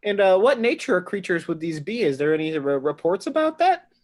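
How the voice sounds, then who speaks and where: A cheery young adventurer, voiced by a man at the table, breezy and upbeat. His voice lifts higher and louder than the player's own. He chats with easy good cheer in a tabletop game. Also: very animated, moderate pace.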